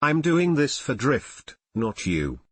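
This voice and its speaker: A man's voice: medium pitch, very animated, slow pace, breathy edge, dry recording, heavily acted. A man reading as a cold, hissing young woman fighter. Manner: hissing, curt. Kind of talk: audiobook reading of fan fiction.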